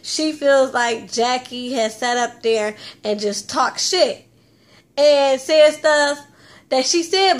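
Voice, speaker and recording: A woman's voice: sits high, fairly bright tone. A woman hosting a casual reality TV recap, chatty and blunt, with plenty of slang and swearing. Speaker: TV recap host.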